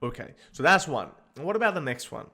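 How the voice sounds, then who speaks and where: A man's voice: a little high, very animated, brisk, vocal fry, sharp tone, breathy edge. A man giving comedic vlog commentary, mocking and laughing often, stammering when he gets flustered. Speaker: YouTube commentator.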